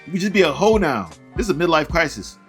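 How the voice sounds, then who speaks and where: A man tears into a story in heated reaction commentary, his voice leaping high and dropping low as he goes. He rants with exasperation and breaks into frequent laughs. Faint music sits behind him. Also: big pitch swings, quick pace. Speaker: reaction channel host.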